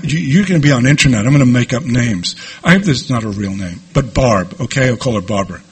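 A middle-aged man shares his recovery story before a group. His voice is raspy and husky, pitched a little high, and he tells it candidly with lively asides to the room. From New York. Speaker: recovery speaker. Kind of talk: personal recovery talk to a group.

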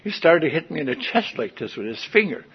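A man's voice: on the high side, sing-song, fast, slightly rough, dull audio. An older man giving a folksy, wry personal testimony at a meeting, in front of an audience. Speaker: recovery meeting speaker.

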